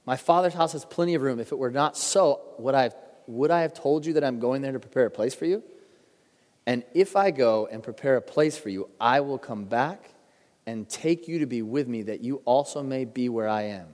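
A middle-aged male pastor giving a sermon, telling stories earnestly and slowing down for emphasis. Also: medium pitch, darkish tone. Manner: earnest storytelling preacher, shifts pace for emphasis. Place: church sanctuary. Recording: long hall reverb.

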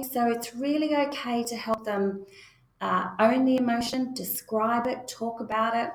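A woman's voice: mid-range voice, gravelly, slight background noise. A woman giving a spoken parenting lesson, talking straight to parents in a reassuring way. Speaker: parenting educator. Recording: echoey room.

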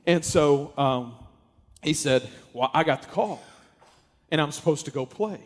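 A man's voice: a little high, unhurried. A man telling a story casually and animatedly, with lots of fillers. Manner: animated, acts out quoted voices, many fillers. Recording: long hall reverb.

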